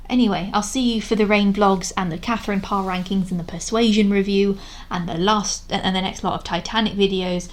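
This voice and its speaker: A young woman talks straight to camera in a loose, rambling vlog. Her voice sits at an ordinary middle pitch, and she speaks frankly, often restarting her sentences and sounding exasperated. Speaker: video creator reviewing a historical drama. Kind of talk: casual vlog commentary.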